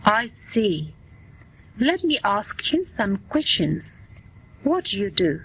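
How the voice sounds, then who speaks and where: A woman's voice: mid-range voice, very animated, a bit bright, breathy edge, full character voice, poor audio. A woman reading as a kindly family doctor. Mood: reassuring. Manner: slow, plain reading voice. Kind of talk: scripted dialogue for learners.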